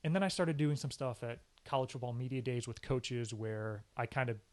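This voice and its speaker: A man in a relaxed interview tells his career story with real energy. His voice sits in an ordinary middle range, and he punches key words and slips into little acted-out quotes. The tone is casual and emphatic throughout. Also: medium pitch, a little fast. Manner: animated storyteller, often acts out quoted speech. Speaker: sports anchor and reporter, podcast guest.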